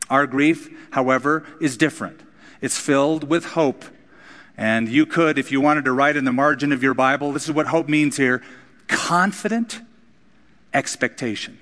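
A man preaching a sermon as pastor, earnest, moving between casual asides and emphatic high points. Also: moderate pace, fairly bright tone. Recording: long reverb of a large hall.

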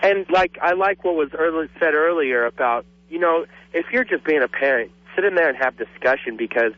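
A man's voice: fairly high pitch, expressive, fairly quick, no room sound. Man, radio caller, casual, rambling, dry dull lo-fi sound. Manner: casual, rambling, many fillers. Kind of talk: call-in radio chat.

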